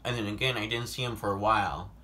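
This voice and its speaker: Young male vlogger, storytime delivery, bright tone, swearing, lots of filler words. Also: lowish voice, quick pace. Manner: animated, swears often, heavy "like" filler, sudden loud outbursts. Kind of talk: casual storytime monologue.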